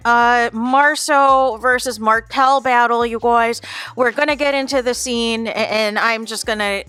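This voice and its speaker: A woman's voice: a little high, pushed and bright, smooth, no echo. A woman hosting a reality-TV reaction channel, chatting casually to viewers and calling them "you guys". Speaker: YouTube reaction host.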